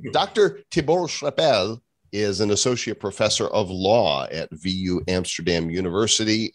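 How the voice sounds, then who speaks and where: A man with a very low voice hosting a podcast, cracking jokes and keeping the banter playful. He sounds dry and close-miked. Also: no echo. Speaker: podcast host. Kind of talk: casual podcast chat.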